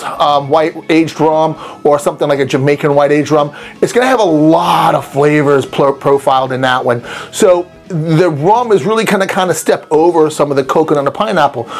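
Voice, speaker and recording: A man hosting a cocktail recipe video, talking casually and playfully with rambling asides. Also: high voice. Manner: chatty and playful, rambling asides, silly mock voices. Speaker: cocktail channel host. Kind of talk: casual recipe talk to camera.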